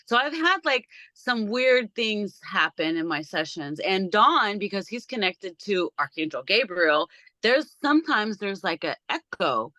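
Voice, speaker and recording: Woman host, casual video call, lively storyteller, sharp bright tone, dry close sound. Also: medium pitch, unhurried, no echo. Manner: animated storyteller, acts out quoted voices. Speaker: podcast host. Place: small backyard shed.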